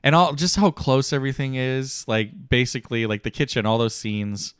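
A man co-hosting a podcast in casual chat, enthusiastic and halting with restarts. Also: medium pitch, clear, resonant tone, dry recording, clean studio sound. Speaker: podcast co-host.

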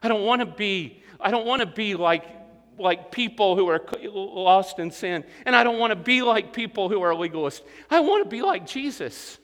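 High-voiced, bright preaching man. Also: lively intonation, normal speed, in a large hall. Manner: earnest, builds to emphatic peaks, acts out inner voices. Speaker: pastor. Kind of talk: sermon.

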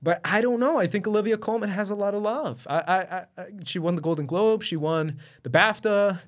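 A young man co-hosts a podcast in a loose, joking chat. His voice sits a bit high for a man. He often breaks into laughter. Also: fairly quick. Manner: animated, jokey, laughs often. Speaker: podcast co-host. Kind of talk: casual chat.

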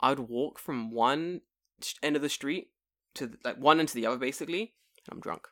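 A man chatting casually on a podcast, swearing freely and telling animated stories in which he acts out what people said. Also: mid-range voice, a little fast. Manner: swearing, animated storytelling with put-on quotes. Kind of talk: casual chat.

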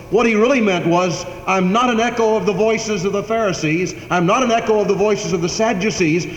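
High-voiced preacher in an echoing church. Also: male voice. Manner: preacherly, repetitive cadence, rising to emphatic declarations. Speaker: pastor. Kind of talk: sermon. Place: church sanctuary. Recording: echoey hall, faint background hiss.

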